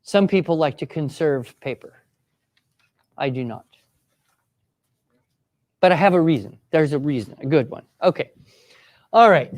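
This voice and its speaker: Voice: mid-range voice, lively intonation, unhurried, pauses often, darkish tone. A writing teacher leading a live classroom workshop, encouraging students and giving step-by-step directions. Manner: acts out sample voices for students.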